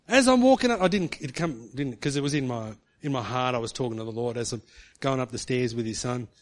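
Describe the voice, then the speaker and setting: A middle-aged man preaching, telling a personal story in a chatty way and ending remarks with "hey". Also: on the high side. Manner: chatty, tag questions with "hey". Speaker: pastor. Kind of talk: sermon storytelling.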